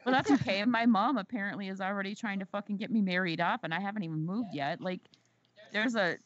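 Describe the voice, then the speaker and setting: A woman's voice: medium pitch, quick pace. Chatty, profane woman podcast host. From Southern United States. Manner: profane, chatty, repeats words for emphasis. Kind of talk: casual chat. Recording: slightly dull audio.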